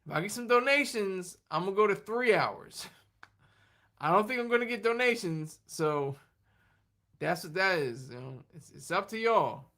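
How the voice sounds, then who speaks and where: A tired livestream host rambles through casual chat with a bright, forceful voice, laughing often and answering viewers' comments as they come up. The pitch sits mid-range. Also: expressive, normal speed. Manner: tired, running on fumes.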